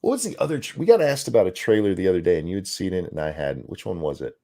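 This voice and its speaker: A man co-hosting a casual podcast chat, animated and profane, tripping over words as he reads viewer comments aloud. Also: sits low, rapid-fire. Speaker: co-host.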